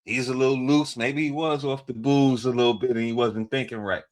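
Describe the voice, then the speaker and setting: A man co-hosting a reaction show, talking in a slangy, animated way as he reacts to clips. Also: mid-range voice, a little fast. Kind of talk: casual reaction commentary.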